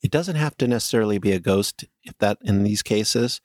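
A man's voice: lowish voice, fairly quick, no room sound. A man co-hosting a podcast, reading listener stories aloud in a plain way and trading dry banter. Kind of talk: casual podcast chat and story reading.

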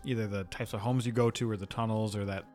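Relaxed man chatting about games. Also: lowish voice, quick pace, faint music behind. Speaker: podcast co-host. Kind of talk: casual game review chat.

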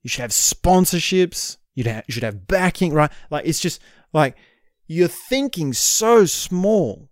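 A man's voice: on the high side, measured pace, dry recording, studio quality. Man talking to his camera, rambling. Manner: reflective, rambling, animated, frequent "right?" asides. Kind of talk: casual vlog monologue to camera. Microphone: camera mic.

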